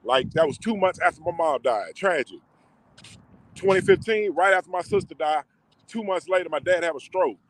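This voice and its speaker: A vlogger with a high, slightly bright voice tells a personal story to camera at a moderate pace. It's casual and emotional, full of slang and fillers.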